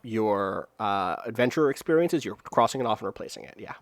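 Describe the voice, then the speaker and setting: A man's voice: on the low side, animated, brisk, no room sound. A man playing a tabletop game in casual chat, rambling with many fillers and restarts as he describes his character's scene.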